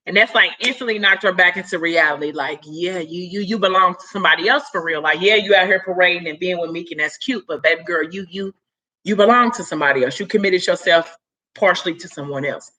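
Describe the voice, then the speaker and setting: A woman's voice: fairly low pitch, quick pace, sharp tone. A woman casually retelling a story in a chatty way, full of "like" and "you know", acting out the characters' lines. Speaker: story recapper.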